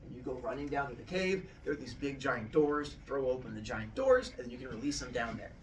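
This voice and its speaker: A man's voice: mid-range voice, sing-song, fairly quick, recorded from a distance, slight background noise. A man voicing a helpful, slightly hesitant Titan advisor explaining things in a told story.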